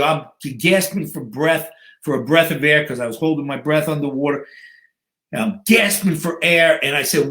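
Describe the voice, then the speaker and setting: A man in his fifties tells a story with flair, acting out each scene as he goes. His voice sits a little high for a man. The room gives it a noticeable echo. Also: normal speed, a bit bright. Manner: vivid, dramatic storyteller who acts out scenes. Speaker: guest, bodybuilder and fitness coach. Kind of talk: storytelling in an interview. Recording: echoey room.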